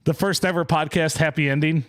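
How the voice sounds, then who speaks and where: A man's voice: fairly high pitch, fairly even intonation, a little fast, fairly bright tone. A man hosting a casual remote podcast, joking and laughing often with his co-hosts. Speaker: podcast host. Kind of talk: casual podcast chat over remote call.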